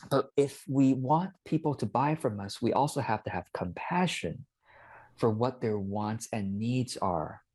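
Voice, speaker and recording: A man's voice: mid-range voice, a little mellow. A man as an interview guest, explaining casually and animatedly and acting out little quoted exchanges.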